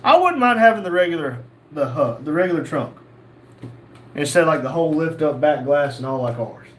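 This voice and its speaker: High-voiced young man reading chat. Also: expressive, brisk, a little hiss or hum. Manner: reads chat messages aloud, jokey. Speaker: livestream host reading chat. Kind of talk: casual livestream chat.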